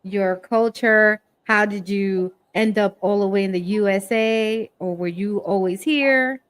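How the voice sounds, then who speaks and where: A woman's voice: mid-range voice, a little slow, clear, resonant tone. A woman hosting a talk show on a video call, asking the guest encouraging questions. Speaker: host. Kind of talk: interview questions.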